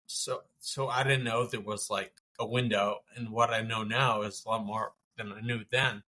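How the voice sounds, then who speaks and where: A man, a podcast guest, telling a personal story in a halting, conversational way with many restarts and fillers. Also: lowish voice, bright, forceful tone.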